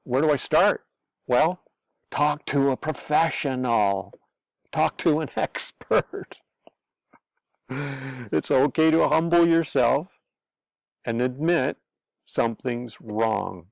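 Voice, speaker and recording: Male online preacher, casual blunt advice talk, gravelly edge, dry sound. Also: mid-range voice, slow, long pauses, dry recording. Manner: blunt, earnest, repetitive, swears. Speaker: online pastor-commentator.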